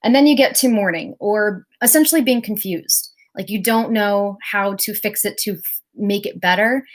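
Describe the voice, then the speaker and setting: A woman's voice: mid-range voice, moderate pace. Chatty woman explaining feelings. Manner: chatty, explanatory, acts out short quoted voices. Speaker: self-help livestreamer. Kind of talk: casual livestream talk.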